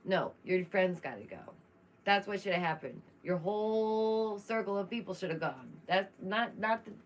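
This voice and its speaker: A woman's voice: mid-range voice, expressive, normal speed, a little hiss or hum. A young woman chatting casually and outspokenly through a true crime commentary vlog, laughing often.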